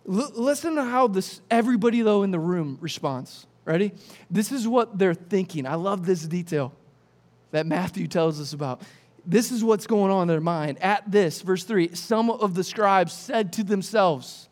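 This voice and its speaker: A man's voice: sits high, animated, moderate pace. A man preaching a sermon, retelling a scripture story with jokes and acted-out voices. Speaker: pastor.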